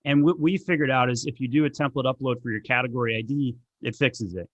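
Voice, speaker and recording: A man's voice: medium pitch, no echo, muffled recording. Conversational man hosting a podcast. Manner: conversational, clears throat, quick asides. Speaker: podcast host. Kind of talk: casual podcast interview.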